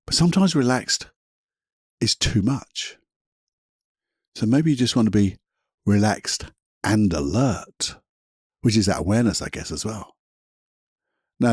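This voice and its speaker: A man, a podcast host talking calmly through a guided visualization to ease anxiety. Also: medium pitch, husky, dry recording, clean studio sound. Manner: calm, soothing, slows into gentle guidance.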